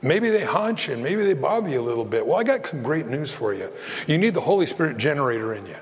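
Animated preacher in a reverberant hall. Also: male voice, fairly high pitch, quick pace, lo-fi sound. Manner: animated, acts out voices of Bible figures. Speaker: pastor. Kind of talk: sermon.

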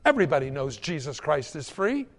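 A man voicing a smooth, scheming seller of religions with a suave sales manner. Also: a little high, very animated, a little fast, big-room sound. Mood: indignant.

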